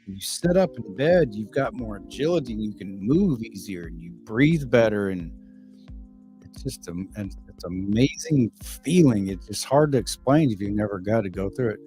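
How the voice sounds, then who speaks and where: A middle-aged man, hoarse and losing his voice. He chats casually on a livestream and reads viewer comments, rambling, swearing freely, and stumbling over repeated words. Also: on the low side, lively intonation, normal speed, mellow, soft background music. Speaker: livestream host.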